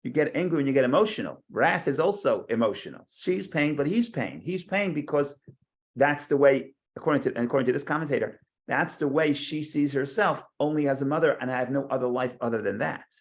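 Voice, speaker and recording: A man's voice: mid-range voice, animated, fairly quick. A man teaching a Torah class, lecturing with frequent restarts, repeated words and rhetorical questions.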